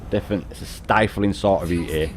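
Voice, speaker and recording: A man's voice: low voice, a little fast. A middle-aged British man chatting casually on a game stream, swearing and laughing a lot. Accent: British English. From United Kingdom. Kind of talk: casual live-stream chat.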